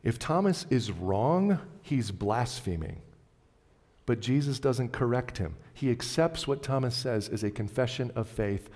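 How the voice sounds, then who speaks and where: A man preaching a sermon, moving between loud, emphatic lines and quiet, low ones. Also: animated, unhurried. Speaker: pastor. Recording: long hall reverb.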